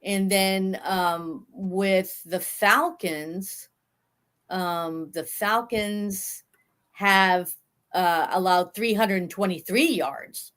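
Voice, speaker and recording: A woman's voice: medium pitch, steady tone, fairly bright tone. Earnest woman co-hosting a football chat. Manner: earnest and opinionated, halting with restarts. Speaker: sports podcast co-host. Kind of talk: casual sports chat.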